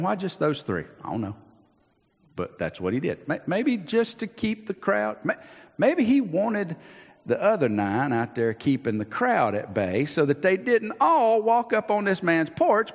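A man, a pastor preaching a sermon, animated and acting out the Bible scenes he tells, with frequent restarts. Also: mid-range voice. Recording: long reverb of a large hall.

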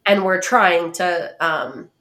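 A woman co-hosting a podcast in casual chat, an animated storyteller who laughs often. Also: fairly low pitch, slow pace. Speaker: podcast co-host. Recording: roomy echo.

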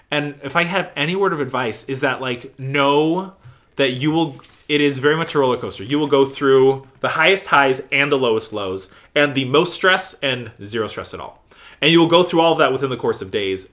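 A man talking casually in an interview about his work in theater company management, animated and gushing, acting out what people said. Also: mid-range voice. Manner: animated, gushing storyteller who acts out quotes.

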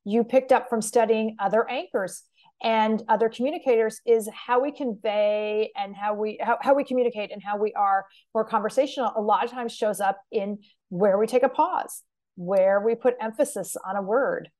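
Woman host, media coach vibe, keeps saying great point, steady chatty pace. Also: a little high, moderate pace. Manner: affirming, reflective questioner. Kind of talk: conversational interview.

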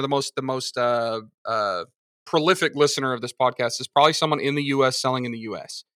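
A man's voice: medium pitch, sharp tone, no room sound. A man on a podcast, explaining things at length in a casual conversation and talking through examples. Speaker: guest from a seller funding service.

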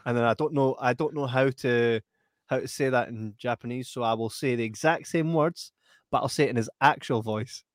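A man's voice: mid-range voice, a little fast, no echo, studio quality. A man co-hosting a live stream, chatting casually, laughing often and reading out comments. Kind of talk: casual chat.

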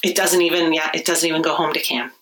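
Podcast guest, woman, lowish voice, animated storyteller. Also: quick pace, rough recording. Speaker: podcast guest, Reiki practitioner. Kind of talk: casual podcast conversation.

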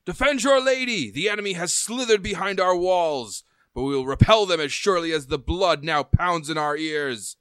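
A man's voice: sits high, animated, normal speed, few pauses, a bit bright, smooth, no room sound, pitched above the performer's own voice. A man voicing a male guard commander who declaims a grandiose rallying speech in a tabletop game. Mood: rousing.

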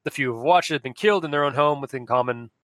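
A man's voice: medium pitch, racing, fairly bright tone, no echo. A man co-hosting a podcast in casual chat, rambling with many restarts and frequent laughs. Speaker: podcast co-host.

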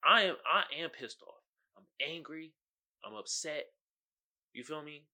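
A man's voice: fairly high pitch, lively intonation, measured pace, pushed and bright. A man hosting his own podcast, talking casually in slangy commentary and often asking "you feel me.". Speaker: podcast host.

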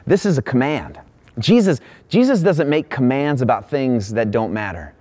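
A middle-aged male pastor delivering a sermon, telling a funny story about himself in an animated, self-deprecating way. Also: medium pitch, moderate pace.

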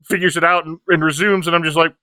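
A man's voice: on the high side, little pitch movement, quick pace, sharp tone, clear, resonant tone, dry recording. A man co-hosting a podcast, chatting casually about a tabletop game session and rambling through asides while quoting the other players. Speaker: podcast co-host.

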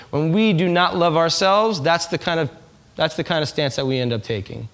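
Man, high voice, pastor, conversational sermon, church congregation, acts out quotes. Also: normal speed, fairly bright tone. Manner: conversational, asks the congregation questions.

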